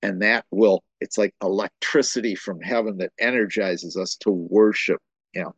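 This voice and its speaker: A man's voice: fairly low pitch, fairly even intonation, normal speed, slightly rough, no room sound, muffled recording. A man preaching a sermon as pastor, impassioned, often repeating words as he builds to a point.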